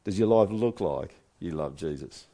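A man's voice: sits low, animated, normal speed, warm tone. A man preaching a sermon in a conversational way, asking his listeners one rhetorical question after another. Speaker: pastor.

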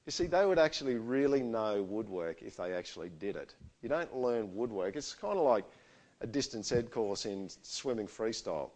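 A middle-aged man, preaching a sermon and telling stories in a conversational, animated way. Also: on the low side, normal speed.

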